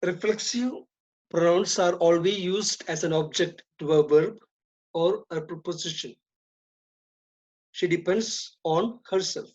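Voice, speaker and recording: Slow, deliberate woman teaching grammar. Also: lowish voice, a little mellow. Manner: slow, deliberate, repeats and stresses key terms. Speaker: English teacher. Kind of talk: classroom grammar lesson. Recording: dull lo-fi recording.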